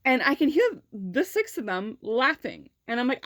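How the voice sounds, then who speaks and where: A woman's voice: on the high side, big pitch swings, normal speed, a bit bright, no echo, clean studio sound. A young adult woman vlogger telling a personal story in a casual, chatty way, full of fillers.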